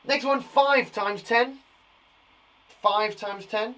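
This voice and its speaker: A man's voice: high voice, takes it slowly, pushed and bright, poor audio. A man teaching young children maths in a chatty, reassuring live lesson. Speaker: primary school teacher.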